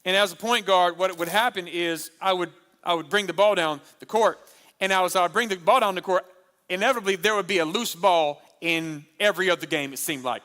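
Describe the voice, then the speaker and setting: A man preaching at a marriage conference, animated and humorous, repeating his key lines for the crowd. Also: high voice, a little fast. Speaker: pastor. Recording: long hall reverb.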